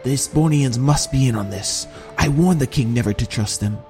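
A man's voice: mid-range voice, normal speed, darkish tone, faint music behind, natural voice. A male narrator voicing a stern male general who gives clipped, urgent orders. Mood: planning.

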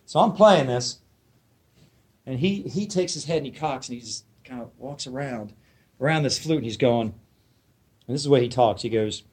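A man's voice: mid-range voice, lively intonation, fairly quick, darkish tone. Man telling a teaching story. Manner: storytelling, asks the listeners questions, acts out quotes. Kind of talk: spoken dharma talk to a small group.

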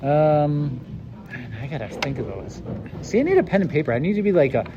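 A man's voice: fairly high pitch, sing-song, brisk, highs cut off, background noise. A man co-hosting a casual podcast, joking and thinking aloud during a card game. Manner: easygoing, jokey, thinks aloud. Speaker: podcast co-host.

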